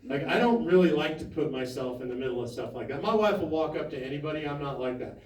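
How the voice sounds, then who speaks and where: A man at a town hall, telling an animated story full of quoted dialogue and laughter. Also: on the high side, quick pace. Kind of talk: storytelling to an audience. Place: town hall meeting room. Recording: echoey hall from a distance.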